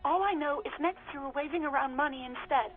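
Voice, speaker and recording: A woman's voice: sits high, quick pace. A woman voicing a young woman answering over a radio line in a game, polite and a little weary. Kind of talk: voiced game dialogue. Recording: tinny radio line with music.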